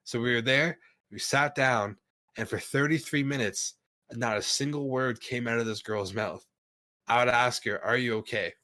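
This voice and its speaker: A man's voice: medium pitch, normal speed, bright, forceful tone. A young man telling a story in casual podcast chat, rambling, laughing often and swearing a lot. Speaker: podcast guest.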